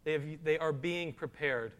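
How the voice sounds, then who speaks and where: A pastor delivers a sermon in a voice that sits high for a man, rising as he presses hard on the scripture he reads aloud. He speaks unhurriedly with a fairly bright tone, and a long reverb suggests a large hall.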